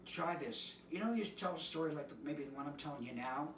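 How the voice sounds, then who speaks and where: A man from the East Coast, a musician guest telling rambling, animated stories in a casual interview. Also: a little high, fast talker. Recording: roomy, distant mic, noisy.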